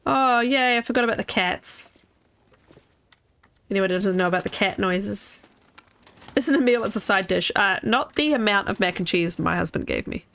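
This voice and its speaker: A woman's voice: mid-range voice, moderate pace, vocal fry, a bit bright. A woman in her thirties streaming a video game, chatting casually with her viewers in a rambling way that trails off and restarts.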